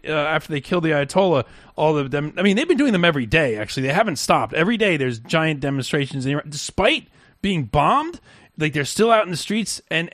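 Lively-pitched man, rambling and mocking. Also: dry recording, clean studio sound. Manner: rambling, mocking, many restarts. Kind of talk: heated political chat.

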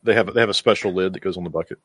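A man's voice: deep voice, rapid-fire, fairly bright tone, breathy edge, no echo, studio quality. A man co-hosting a podcast in casual chat, ranting heatedly with plenty of swearing. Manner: heated, profane rants. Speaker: podcast co-host.

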